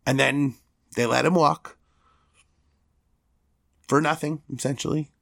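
Fired-up male sports podcast host, slightly higher-pitched than most, angry and emphatic, swears freely. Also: steady tone, unhurried, vocal fry, fairly bright tone. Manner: heated, profane, emphatic. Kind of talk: opinionated sports rant.

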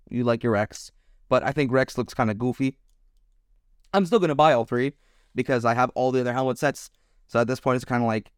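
A man's voice: medium pitch, clean tone, no echo, studio quality. A man co-hosting a podcast in casual chat, rambling and hedging his opinions with many restarts. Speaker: podcast co-host.

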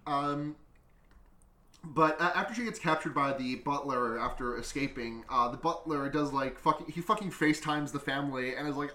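A man's voice: fairly high pitch, moderate pace, echoey room. A male podcast host recapping a movie in a casual, profane, giggly way. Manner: profane, giggly, animated retelling.

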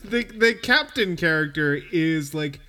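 A man's voice: fairly high pitch, lively intonation, a crowd in the background. A man co-hosting a casual podcast chat, agreeing readily and riffing with chuckles. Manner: agreeable, chuckling, quick to riff. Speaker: podcast co-host.

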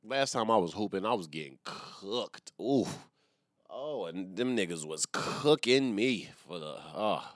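A man's voice: on the low side, lively intonation, measured pace, no echo, clean studio sound. A man hosting a solo comedy podcast, rambling in a profane, slangy way and laughing at his own jokes. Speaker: podcast host and stand-up comedian. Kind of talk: casual solo podcast rant.

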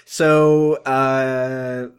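A man's voice: mid-range voice, little pitch movement, extremely slow, clean tone. Podcast co-host, male, casual recap chat, profane and laughing, mimics characters.

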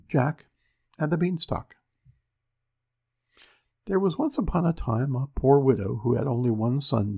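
Gravelly husky male storyteller. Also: medium pitch, a little mellow. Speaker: narrator. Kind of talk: reading classic fairy tales aloud.

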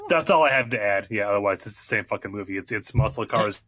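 A man on a podcast, casually pitching joke movie ideas and clearing his throat now and then. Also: lively intonation, quick pace, fairly bright tone. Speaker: podcast co-host. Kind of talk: casual chat.

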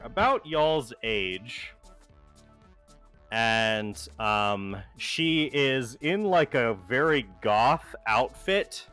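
A man's voice: lowish voice, a bit bright. A man narrating a tabletop role-play game as game master, rambling and full of filler words.

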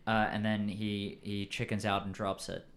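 A man running a tabletop game as game master, relaxed and rambling with filler pauses. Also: lowish voice.

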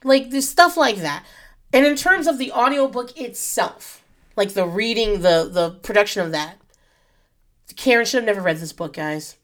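A woman's voice: mid-range voice, lively intonation, normal speed, fairly bright tone. Rambling, profane woman podcaster. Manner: rambling, profane, goes off on tangents. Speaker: podcast host. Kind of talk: casual solo podcast rant. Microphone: podcast microphone.

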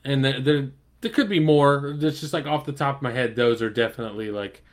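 A man's voice: mid-range voice, brisk. A man in casual sports chat, giving blunt opinions with frequent swearing and laughter.

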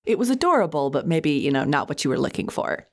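A woman's voice: low voice, very animated, fast talker. A woman co-hosting a podcast in casual chat, laughing easily and making short wry replies. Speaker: podcast co-host.

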